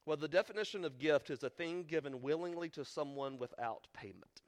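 A man preaching an earnest Christmas sermon, slowing down and pausing on key words, building to emphatic stresses. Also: a little high, expressive. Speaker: pastor.

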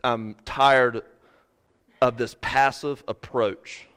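A man preaching a sermon as pastor, swinging from shouted fervor to quiet earnest talk. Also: medium pitch, fairly even intonation, drawn-out words, smooth. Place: church sanctuary. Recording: preached in a reverberant hall.

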